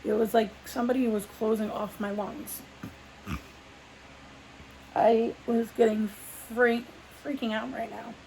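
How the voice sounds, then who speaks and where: Gravelly-voiced woman rambling through a story. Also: on the high side, little pitch movement, a little slow, long pauses, dark tone, slight background noise, rough recording. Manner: rambling, full of "like" fillers and restarts. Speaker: vlogger. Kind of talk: casual sit-down storytelling.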